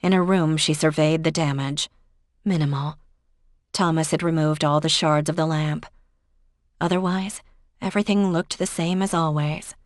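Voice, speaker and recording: A woman narrates a mystery audiobook in an even, steady manner, her low voice moving at a moderate pace. The recording is clean studio sound with no room echo.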